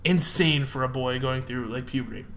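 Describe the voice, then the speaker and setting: A man co-hosting a podcast, chatting casually with crude, animated joking. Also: medium pitch, normal speed, gravelly, slight background noise. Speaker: podcast co-host. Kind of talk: casual chat.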